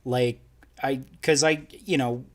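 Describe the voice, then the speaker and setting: A man's voice: mid-range voice, steady tone, slow. A young man co-hosting a casual podcast live stream, rambling and laughing as he talks, with frequent restarts. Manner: rambling, laughing, self-interrupting. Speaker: podcast co-host.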